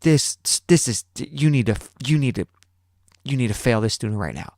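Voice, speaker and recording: A man's voice: expressive, normal speed, a little mellow, no room sound, clean studio sound, natural voice. A man voicing an entitled teenage girl who insists and pushes. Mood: indignant. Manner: insistent, shrill and pushy.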